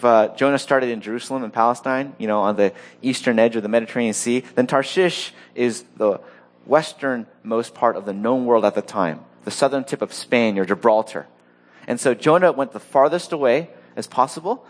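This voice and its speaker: Animated male preacher. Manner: animated, acts out quoted voices with rising pitch. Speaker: pastor. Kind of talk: sermon.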